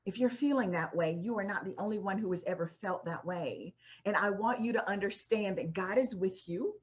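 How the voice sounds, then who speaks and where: A woman teaches a class about a Bible passage at a medium pitch. She talks in a loose, conversational way and keeps checking in with "right?" The recording sounds dull and lo-fi. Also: fairly quick. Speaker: faith-based success coach teaching a class.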